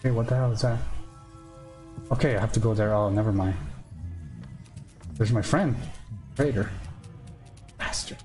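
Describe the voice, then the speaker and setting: A man with a fairly low voice talks his way through a game as he plays it. He turns jumpy and pleading over every risky jump and mutters mild oaths. Game music plays loudly beneath him. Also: a little slow, long pauses. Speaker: gamer streaming his play. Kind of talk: live let's-play commentary. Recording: loud game music under the voice.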